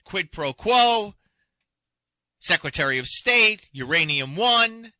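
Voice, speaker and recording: A man's voice: high voice, lively intonation, slow, bright, forceful tone, dry recording. A man hosting a talk radio show, delivering an impassioned, indignant monologue full of rhetorical questions from a radio studio. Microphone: studio microphone.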